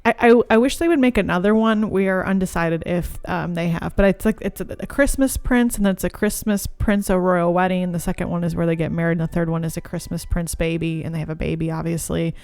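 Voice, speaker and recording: A woman's voice: lowish voice, fairly even intonation, a little fast, few pauses, darkish tone. A woman therapist co-hosting a podcast in casual chat, chatty and laughing often.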